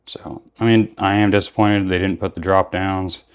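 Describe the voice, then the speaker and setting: A man's voice: sits low, fairly even intonation, moderate pace, smooth. A young man giving casual, rambling commentary while unboxing and reviewing action figures, often correcting himself mid-sentence.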